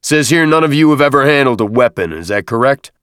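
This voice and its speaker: A man voicing a gruff staff sergeant who answers his officer in clipped replies and growls orders at recruits. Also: fairly low pitch, moderate pace, a bit bright, no echo, clean studio sound, lightly acted. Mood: growling.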